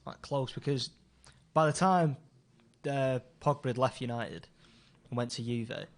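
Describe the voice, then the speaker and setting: A man's voice: medium pitch, unhurried. A man co-hosting a podcast in casual chat, laid-back and asking questions.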